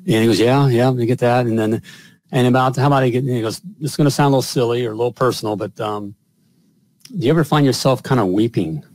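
A man's voice: mid-range voice, quick pace, a little mellow, no room sound. Rambling middle-aged man, dry close sound. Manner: rambling, many fillers, chuckling. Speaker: host telling a personal story. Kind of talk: casual storytelling.

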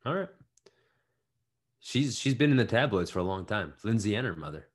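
A young man co-hosting a podcast, joking around in casual chat and riffing bits with quick restarts. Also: lowish voice, very animated, slightly rough. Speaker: podcast co-host.

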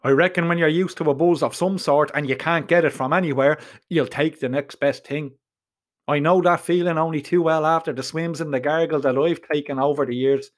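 A man with a thick Dublin Irish accent tells his story in first person, earthy and full of swearing and local slang. His voice sits a little on the high side for a man. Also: steady tone, brisk. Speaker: narrator. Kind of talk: first-person audiobook narration.

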